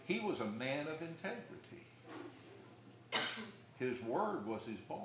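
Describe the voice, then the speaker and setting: A middle-aged man preaching a sermon in a church, telling folksy stories with pauses and restarts. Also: on the high side, sing-song. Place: church hall. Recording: echoey room with faint noise.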